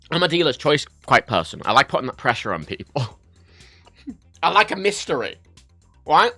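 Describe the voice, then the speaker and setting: A man from Ireland, chatting casually on a livestream, telling stories in an animated, sweary way. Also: medium pitch, brisk, no echo, faint music behind. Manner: animated, sweary storytelling, reads chat aloud. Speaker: livestream host.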